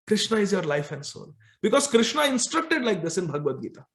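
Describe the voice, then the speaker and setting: A man preaching a devotional sermon in a temple hall, speaking emphatically and repeating key phrases, and drawing out the recited verses slowly. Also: high voice, sing-song, a bit bright.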